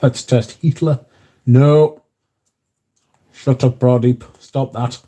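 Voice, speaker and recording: A man's voice: mid-range voice, steady tone, slow pace, warm tone. A man hosting a casual livestream, chatting and reading out viewer comments, swearing freely. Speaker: livestream host reading chat. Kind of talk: casual chat.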